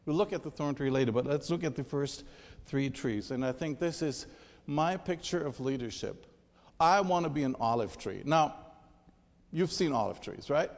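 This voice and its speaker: A man's voice: medium pitch, darkish tone. A man preaching a sermon in a conversational, emphatic way, speaking directly to his listeners. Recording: long hall reverb.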